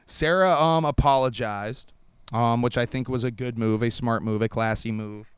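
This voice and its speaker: A man hosting a podcast, calmly commenting on video clips and thinking aloud with some fillers. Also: mid-range voice, normal speed, clean tone, dry recording, clean studio sound. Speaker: podcast host.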